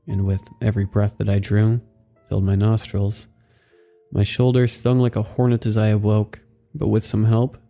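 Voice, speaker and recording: A man reading a first-person horror story in a steady, somber narration. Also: on the low side.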